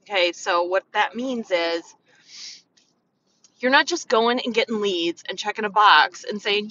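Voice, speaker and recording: A woman vlogging casual, frank business advice as a beauty consultant, talking chattily and acting out customers in quick asides. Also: medium pitch, bright, forceful tone, recorded from a distance, lo-fi sound, slight background noise. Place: in a car on the way to set up.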